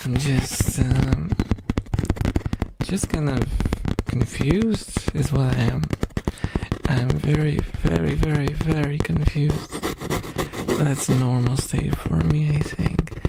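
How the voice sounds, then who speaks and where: A man streams soft-spoken ASMR, drifting from thought to thought as he chats with viewers close to the mic. His voice is gravelly with fry and unhurried, nearly dragging. A loud wash of noise sits under every word. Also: on the high side. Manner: drowsy, goofy and rambling, chatting with viewers. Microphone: close ASMR microphone.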